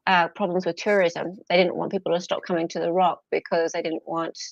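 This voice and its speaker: A woman's voice: on the low side, little pitch movement, a little fast, gravelly, no room sound. An Australian woman co-hosting a casual live stream, chatty and fond of tag questions. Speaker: co-host streamer. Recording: dull lo-fi stream audio.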